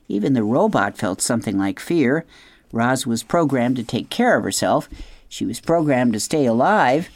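A woman's voice: very deep voice, dry recording. Woman reading a storybook aloud, dry studio sound. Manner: expressive, measured storytelling with dramatic hushed asides. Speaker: radio program host reading a book aloud. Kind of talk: scripted storybook narration.

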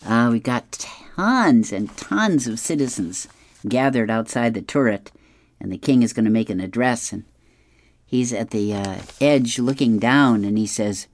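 Slow, amused man reading the funnies. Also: medium pitch, expressive, no echo. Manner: unhurried, amused, chuckling while reading. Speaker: radio host. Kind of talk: reading comic strips and advice aloud.

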